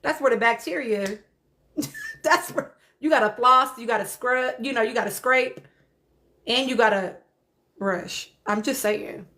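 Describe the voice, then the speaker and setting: A woman's voice: fairly high pitch, measured pace, pauses often, bright, forceful tone. A woman hosting a casual livestream, laughing often and talking straight to her viewers. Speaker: livestream host. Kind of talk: casual live-stream chat reacting to comments.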